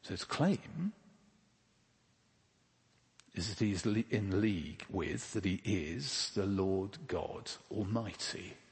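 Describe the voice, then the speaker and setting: A man's voice: low-pitched, animated, takes it slowly, long pauses, breathy edge, in a large hall. A man preaching a sermon in a conversational way, asking rhetorical questions and dropping casual asides. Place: church.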